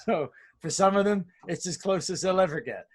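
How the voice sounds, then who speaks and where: Male co-host, high voice, wry casual recap, laughs a lot. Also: normal speed, breathy edge. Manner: recaps events wryly, swears casually, laughs through lines. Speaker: podcast co-host. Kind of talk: casual wrestling podcast recap.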